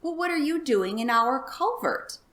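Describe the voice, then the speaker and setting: Storybook cows: friendly, protective, hushed, as a woman reads them. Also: high voice, expressive, normal speed, roomy sound, pitched above the performer's own voice. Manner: warning in hushed tones.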